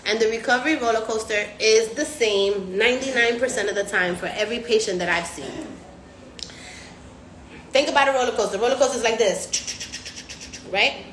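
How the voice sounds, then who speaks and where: A woman's voice: a little high, moderate pace, pauses often, roomy sound, slight background noise. A woman hosting a casual live stream, slangy and profane, acting out other people's voices as she talks. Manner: animated, acts out patients' voices. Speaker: recovery house host.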